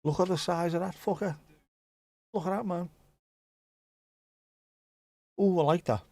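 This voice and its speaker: A man's voice: sits high, fairly even intonation, fairly quick, mellow, no echo. Jokey man on a live watchalong. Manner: jokey, rambling, full of dad jokes. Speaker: watchalong host. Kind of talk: casual live watchalong chat.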